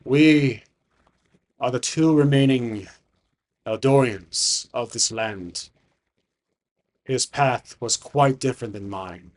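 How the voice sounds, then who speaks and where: A man voicing a slow, grave dying dragon. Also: mid-range voice, lightly acted. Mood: weary, grave. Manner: slow, grave, measured speech. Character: ancient dying male dragon, solemn and all-knowing.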